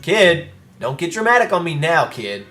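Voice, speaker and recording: A man's voice: fairly high pitch, sing-song, moderate pace, bright, forceful tone, faint music behind, pitched above the performer's own voice. A man voicing an easygoing young ferryman in a video game, friendly and a little smug.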